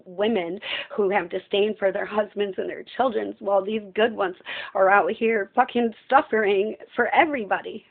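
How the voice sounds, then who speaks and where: A woman's voice: mid-range voice, fairly even intonation, moderate pace, vocal fry. A woman speaking in an impassioned, profane personal monologue, ranting at length. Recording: tinny phone-like sound.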